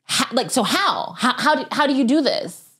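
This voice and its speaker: Expressive, eager woman interviewer. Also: sits high, normal speed, husky. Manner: enthusiastic, prompting, recaps the story. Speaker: podcast host. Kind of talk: conversational interview.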